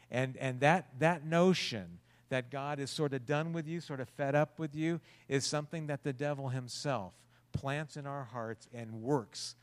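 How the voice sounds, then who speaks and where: A man's voice: mid-range voice, long reverb tail. Earnest male preacher, conversational. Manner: earnest, conversational with rhetorical questions. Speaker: pastor. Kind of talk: sermon.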